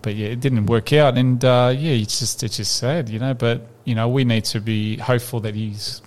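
A man hosting a football podcast, chatting casually and launching into animated comic rants full of "mate". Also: mid-range voice, moderate pace. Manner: animated, ranting, peppered with "mate". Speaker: podcast host.

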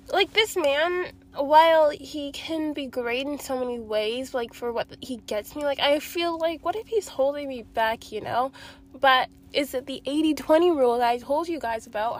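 A young woman with a high, light voice talks straight to her viewers in a confessional vlog. She sounds sad and close to tears. She rambles, circles back and swears often. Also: a little hiss or hum. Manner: emotional, rambling, frequent swearing. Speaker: vlogger.

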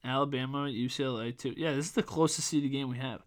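A young man hosts his own sports podcast, talking loosely and rambling. He fills his talk with "like" and "um" and restarts his sentences often. His voice sounds slightly hoarse from talking. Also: mid-range voice, fairly even intonation, fast talker. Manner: rambling, filler-heavy, self-correcting. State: voice going hoarse. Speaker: podcast host. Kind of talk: casual sports podcast chat.

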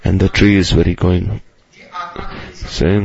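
A man preaching a devotional sermon in a measured way, using many Sanskrit and Hindi terms. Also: low voice, little pitch movement, creaky, a little mellow. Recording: slightly dull lo-fi recording.

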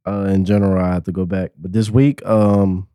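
A man's voice: low voice, flat delivery, fairly quick, dark tone, dry recording, studio quality. A man chatting casually as a panel guest, laid-back and emphatic, often laughing. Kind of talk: casual group chat.

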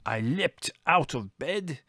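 A man's voice: on the high side, expressive, sharp tone, no room sound, studio quality, voice pushed up, full character voice. A man putting on a wailing café owner. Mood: indignant. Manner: theatrical, wailing, slow and drawn out. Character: melodramatic Greek male café owner, despairing.

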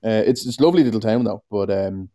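Mellow low-voiced man telling stories. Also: fast talker. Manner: laughs at his own jokes, playful storyteller. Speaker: podcast co-host. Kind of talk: casual chat.

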